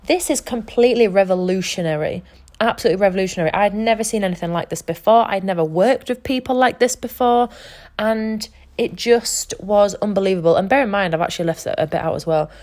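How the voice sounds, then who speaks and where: A woman's voice: mid-range voice, fast talker, darkish tone. A young woman talks straight to her podcast listeners in an unscripted motivational monologue. She is earnest and emphatic and swears freely, and her voice sits in an ordinary middle register for a woman. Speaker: podcast host and life coach.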